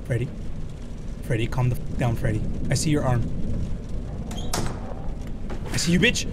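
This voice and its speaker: A man's voice: mid-range voice, expressive, fast talker, noisy background. A man giving frantic horror-game commentary as a gaming YouTuber, yelping, swearing and slipping into Spanish.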